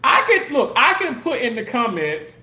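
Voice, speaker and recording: A man with a fairly high voice chats casually on a live stream, reading comments aloud and answering his critics defensively. His voice carries a roomy echo. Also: wildly swooping pitch, normal speed, sharp tone. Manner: defensive, argues back at commenters. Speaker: live streamer and content creator.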